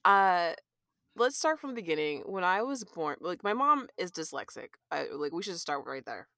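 A woman guest on a podcast telling animated stories, swearing and filling with "like". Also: fairly low pitch, moderate pace, no echo, clean studio sound. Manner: animated storyteller, swears, many "like"s. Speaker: guest artist. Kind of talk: casual podcast chat.

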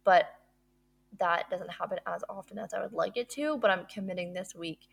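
Gushing woman with vocal fry. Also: medium pitch, moderate pace. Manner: upbeat, gushing, filler-heavy. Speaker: podcast host. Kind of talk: casual solo monologue.

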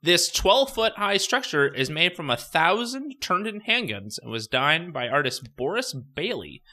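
A man's voice: fairly high pitch, very animated, normal speed, pushed and bright. A man co-hosting a casual comedy podcast, reading out articles and joking with friends. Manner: jokey, reads headlines aloud, puts on silly accents.

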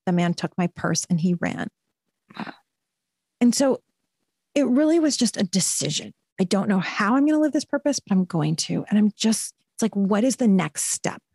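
A woman in her forties speaks as a podcast guest, recounting her life with earnest conviction and quick, animated bursts. Her pitch sits in an ordinary middle range. The sound is dry and close, with no room around it. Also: no room sound. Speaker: podcast guest, purpose coach. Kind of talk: conversational storytelling.

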